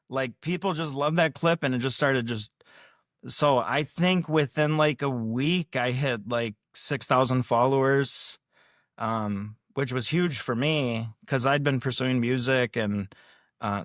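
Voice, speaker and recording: A podcast guest who makes prank videos tells a story in a loose, rambling, self-mocking way, acting out the lines he and others said. His voice is medium-pitched and fairly bright, captured as clean studio audio with no room sound.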